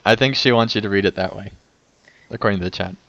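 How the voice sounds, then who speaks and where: A man's voice: fairly low pitch, fast, gravelly, fairly bright tone, dry recording, highs cut off. A man co-hosting a gaming podcast in casual chat, laughing and teasing often. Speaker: podcast co-host.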